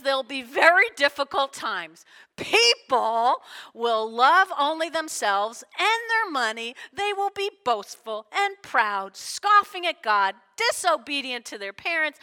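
A woman pastor preaching a lively sermon to her congregation, playfully acting out the people she quotes. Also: sits high, moderate pace. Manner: animated, playful, acts out quotes with big shifts. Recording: long hall reverb.

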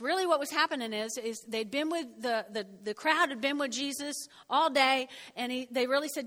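A woman's voice: high voice, moderate pace, hardly any pauses, a bit bright, in a large hall. A woman reading a Bible passage and explaining it in a conversational way. She often asks "okay?" and acts out the lines she quotes. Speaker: Bible teacher.

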